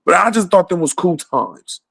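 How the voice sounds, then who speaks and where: A man's voice: sits high, sing-song, moderate pace, vocal fry, a bit bright, breathy edge, no room sound. A man ranting casually about politics, swearing a lot and laughing often between points. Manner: profane, rambling, laughs often.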